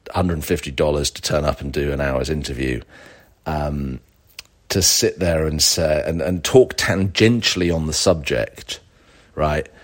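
Male podcast host, very low voice, rambling, sarcastic, digressive solo chat. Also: measured pace. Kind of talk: casual solo podcast monologue.

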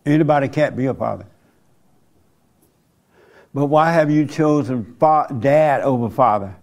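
A man's voice: medium pitch, unhurried, darkish tone. A man interviewing people, pressing them with repeated probing questions.

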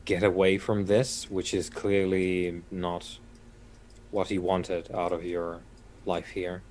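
A man's voice: deep voice, level tone, slow, darkish tone, slight background noise. A man playing a tabletop game in character, speaking in a formal, diplomatic way. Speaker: player. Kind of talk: in-character role-play.

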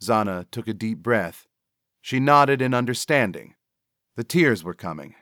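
A man narrating his own story in a steady, measured reading. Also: medium pitch, no echo, studio quality. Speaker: author and narrator. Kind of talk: scripted narration.

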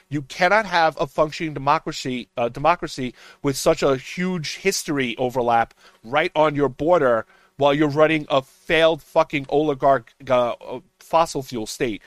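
A man's voice: fairly high pitch, moderate pace, no echo. A man on a political podcast panel, ranting emphatically and swearing as he argues. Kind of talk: heated political roundtable talk.

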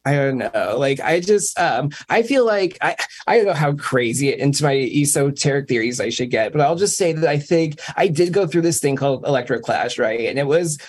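A man's voice: a little high, animated, moderate pace, hardly any pauses, breathy edge. A man in his forties, a guest DJ on a podcast, talking in a rambling, hedging way with wry jokes. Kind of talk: casual podcast chat.

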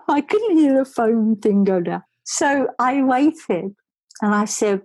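A woman telling a personal story in an animated way, dropping into breathy asides. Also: on the high side, slow pace, no echo, poor audio. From England. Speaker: storyteller guest.

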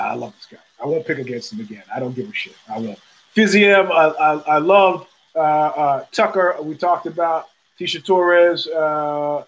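On a podcast, a middle-aged man with a highish voice talks about fights casually in a monologue, rambling and stopping to restart, packed with fillers and swearing. The audio quality is poor.

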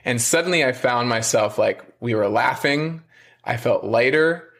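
A man's voice: medium pitch, a little slow, fairly bright tone. A man hosting a podcast who chats candidly and casually, peppering his talk with "like" and murmuring mm as he listens. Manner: casual, filler-heavy, many likes, frequent mm backchannels. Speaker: podcast host. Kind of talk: candid conversational chat.

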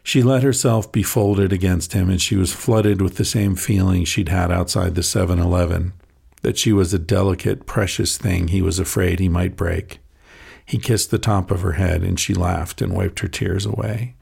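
A man reading a short story aloud in a soft, measured narrating voice, with a husky, gravelly tone. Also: deep voice, steady tone.

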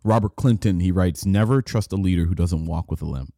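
A man's voice: sits low, brisk, mellow, no room sound, studio quality. A man hosting a solo podcast, talking in a loose, rambling way that keeps restarting and repeating words. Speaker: podcast host. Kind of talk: casual solo podcast talk.

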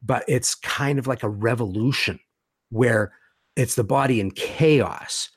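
A man's voice: medium pitch, measured pace, breathy edge, no echo, clean studio sound. A man talking as a guest in a conversation, retelling film scenes with vivid storytelling and acted-out quotes. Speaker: guest, horror author.

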